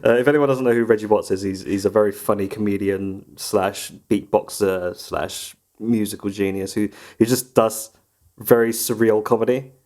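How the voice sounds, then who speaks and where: A man's voice: lowish voice, steady tone, moderate pace, darkish tone. A man co-hosting a casual podcast chat, rambling through stories and laughing often. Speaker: podcast co-host.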